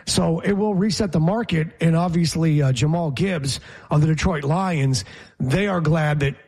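A man with a husky, slightly high voice co-hosts a sports talk show. He talks in a loose, opinionated way and likes to toss trivia questions at his partner. His delivery is casual and conversational. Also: normal speed, a little mellow. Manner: opinionated, quizzes his co-host. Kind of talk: casual sports radio chat.

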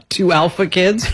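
A woman's voice: fairly low pitch, slightly rough. A woman hosting a radio show, chatting playfully and laughing often. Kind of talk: casual chat.

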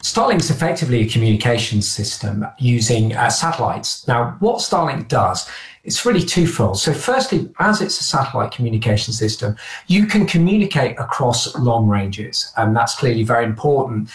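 A man's voice: medium pitch, sing-song, moderate pace, reverberant. A male defence analyst explaining a technical system step by step in a methodical way. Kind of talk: explanatory interview.

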